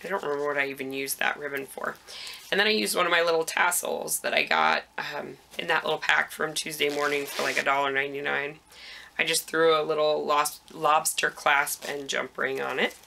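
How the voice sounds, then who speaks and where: A woman's voice: sits low, a little fast, creaky, sharp tone, slight background noise. A woman hosting a knitting podcast, chatting casually about her projects with frequent ums, a little out of breath.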